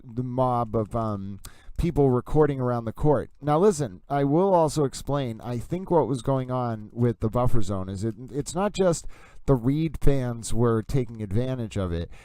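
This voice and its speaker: A man in a relaxed livestream chat, talking through viewer comments one after another with plenty of ums and asides. His voice is smooth and resonant at an ordinary pitch. The sound is dry and close, with no room around it. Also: no room sound. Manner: rambling, filler-heavy, answers viewer comments. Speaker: livestream host reading chat.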